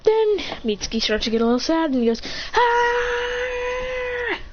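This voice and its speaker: A woman tells a story casually, her pitch leaping up and down as she acts out the lines. Her voice sits a little high. The recording is muffled, with a faint hiss behind it. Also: quick pace. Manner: animated, acting out lines and sound effects. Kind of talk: casual retelling of a fan story.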